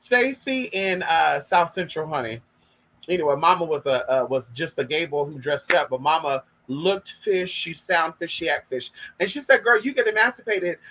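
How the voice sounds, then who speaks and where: A man's voice: a little high, expressive, moderate pace, fairly bright tone, rough recording. A young man from Northern California telling gossipy stories to his viewers in a casual vlog, sassy and profane, calling them girl and y'all. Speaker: vlogger. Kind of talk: casual storytelling monologue.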